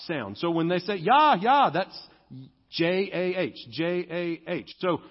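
A young adult male pastor, preaching conversationally in a church and slowing to stress key words. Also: fairly high pitch, animated. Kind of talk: sermon. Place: church sanctuary. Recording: dull sound with long hall reverb.

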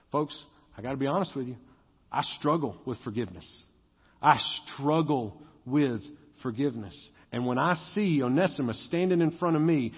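A man's voice: mid-range voice, husky. A man preaching a sermon as a pastor, conversational and joking, often acting out quoted speech. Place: church sanctuary. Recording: dull lo-fi sound with long hall reverb.

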